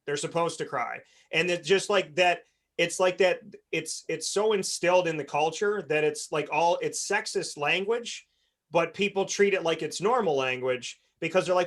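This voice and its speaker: An earnest man hosts a sports panel over a video call, his voice sitting a little high for a man. He talks in long, rambling runs and often restarts his sentences. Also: moderate pace, a bit bright. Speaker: host. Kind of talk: panel discussion.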